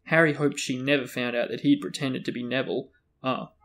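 A man with a gravelly voice reads a novel aloud. He acts out the dialogue with lively character voices and stops now and then for casual chat. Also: mid-range voice, brisk. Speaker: book discussion host reading aloud.

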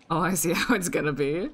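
A woman's voice: fairly low pitch, slight background noise. A woman streaming a video game, ranting in exasperation and swearing at her opponent while talking to her chat. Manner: talks to her chat audience. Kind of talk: casual live-stream commentary.

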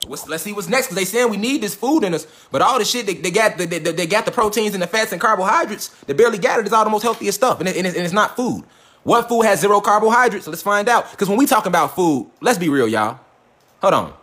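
A man lectures on a livestream in a high voice and at a rapid clip. He is profane and preachy, talks in street slang and repeats himself. The roomy echo suggests a bare room at home. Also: lively intonation, a bit bright. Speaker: livestream host.

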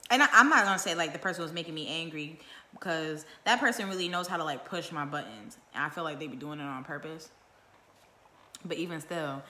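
A woman with a low, forceful voice speaks her mind on a home livestream, blunt and swearing freely. She stacks up rhetorical questions one after another. The room around her adds a roomy echo. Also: a little hiss or hum. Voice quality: naturally loud voice. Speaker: vlogger going live. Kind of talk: casual live-stream monologue. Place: at home indoors.

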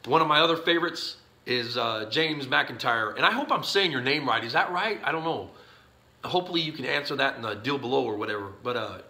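A man chats to camera from his home garage workshop in a loose, folksy ramble full of uhs and restarts. He sounds sleepy, and his voice has a bright, forward edge at a middling pitch. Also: expressive, quick pace. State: sleepy, yawning. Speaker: YouTube channel host answering viewer questions. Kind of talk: casual chat to camera.

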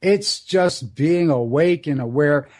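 Older guy in his 60s doing a solo radio monologue, slow and drawn out, voice a bit on the high side, rambles through his stories. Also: a little mellow. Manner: rambling, earnest storytelling with dramatic slow emphasis. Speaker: radio host.

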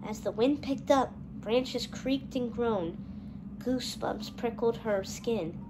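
High-voiced woman reading a storybook. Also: takes it slowly, background noise. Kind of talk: storybook read-aloud.

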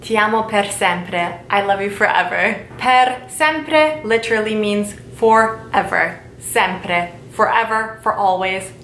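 A woman teaching a casual video lesson, repeating example phrases slowly and carefully. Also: fairly bright tone. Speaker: language teacher. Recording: echoey room with faint rumble.

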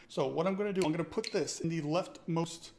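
A man's voice: on the high side, fairly quick, darkish tone, a little hiss or hum. A man hosting a casual live-streamed tech tutorial, chatty and enthusiastic, thinking aloud and often checking in with his chat.

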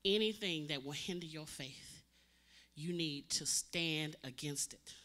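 Speaking in a deep voice at an unhurried pace, a woman preacher turns her sermon into dramatic storytelling. She alternates between loud cries and hushed, intense tones.

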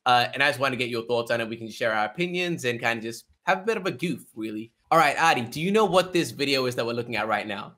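A man's voice: mid-range voice, animated, quick pace, hardly any pauses, sharp tone. A man hosting a casual, joking video-call chat. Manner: laughing, loose and joking. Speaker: channel host.

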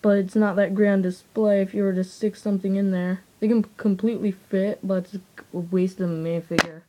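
A woman's voice: medium pitch, flat delivery, brisk, warm tone, slight background noise, poor audio. A woman giving a rambling, casual toy review with many fillers, often trailing off.

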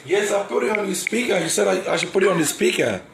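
A man's voice: sits high, expressive, quick pace, creaky, background noise. Mocking Nigerian man in a roomy space. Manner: mocking, laughs while cursing the caller. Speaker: call recipient sharing a scam call.

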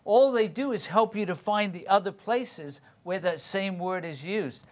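High-voiced pastor leading a Bible study. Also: male voice, a little slow. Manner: explanatory, calls on readers by name, quotes and repeats verses. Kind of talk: interactive Bible study teaching.

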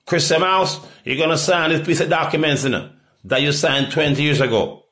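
Ranting Jamaican man, loud then muttering. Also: normal speed. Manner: profane ranting, swinging from loud outbursts to low mutters. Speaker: reggae artist. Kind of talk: rambling monologue.

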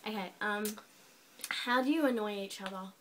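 A woman's voice: mid-range voice, normal speed, fairly bright tone, slight background noise. An Australian woman hosting a casual vlog chat with her brother, teasing and giggly in a blunt way. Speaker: vlogger host.

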